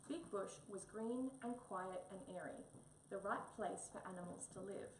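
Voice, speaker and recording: A woman reading a children's picture book aloud in an expressive storybook manner. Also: mid-range voice, normal speed. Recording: echoey room, mic a bit far, faint hum.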